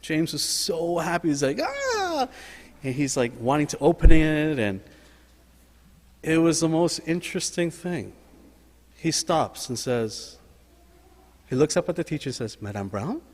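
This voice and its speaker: A man's voice: on the high side, unhurried, pauses often, darkish tone. Earnest male pastor in echoing church. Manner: earnest, personal storytelling with emphatic repetition. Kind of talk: sermon. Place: church sanctuary. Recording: long hall reverb.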